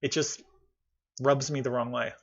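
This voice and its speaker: A man riffs through a reaction stream in a candid, sarcastic way and slips into mocking voices. His pitch sits mid-range, and the audio comes through dull and lo-fi. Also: level tone, unhurried, vocal fry. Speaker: host reacting to a video. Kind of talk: live-stream reaction commentary.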